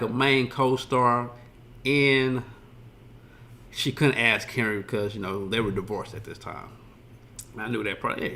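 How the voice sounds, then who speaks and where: Bright-voiced man rambling casually. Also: mid-range voice, creaky, a little hiss or hum. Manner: rambling, profane, retells scenes loosely. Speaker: streamer reacting to a video. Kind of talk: casual reaction commentary.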